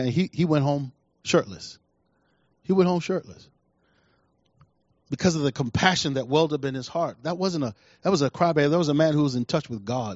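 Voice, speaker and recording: A middle-aged man preaching a sermon, emphatic, repeating key lines and swinging between soft and loud delivery. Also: on the high side, no echo. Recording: dull dry recording.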